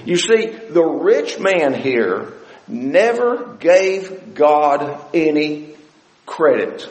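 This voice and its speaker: A man preaching a sermon as pastor of a church, animated and repeating words, slowing down to stress a point. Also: on the high side, long reverb tail, low-quality recording.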